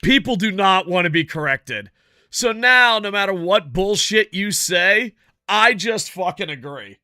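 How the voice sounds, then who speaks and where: A man streaming a video game, chatting casually with viewers in a profane, rambling, animated way. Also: high-pitched, measured pace, no room sound, clean studio sound. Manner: chats with viewers while playing. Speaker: gaming streamer. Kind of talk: casual live-stream chat over gameplay.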